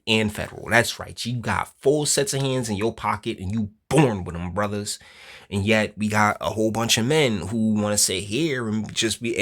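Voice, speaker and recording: A man's voice: lowish voice, a bit bright. A man giving a casual opinion rant to viewers, blunt and preachy with plenty of slang. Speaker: online commentator.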